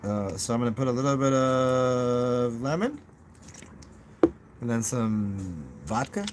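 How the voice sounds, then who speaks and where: A man hosting his own channel, talking through thoughts in a loose live chat, halting with fillers and restarts and tossing in goofy self-mocking asides. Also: mid-range voice, animated, background noise. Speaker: channel host. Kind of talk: rambling live chat with viewers.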